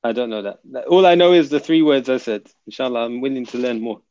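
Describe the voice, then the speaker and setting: A man's voice: medium pitch, lively intonation, fast talker, darkish tone, smooth, lo-fi sound. A man hosting a live stream, chatting casually and reading out viewer comments in a laid-back, joking way.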